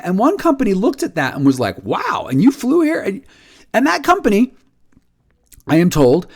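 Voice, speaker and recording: A man leading a nonprofit, giving a casual video update as an animated storyteller who acts out quoted dialogue and repeats words when he gets excited. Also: high voice. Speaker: nonprofit leader.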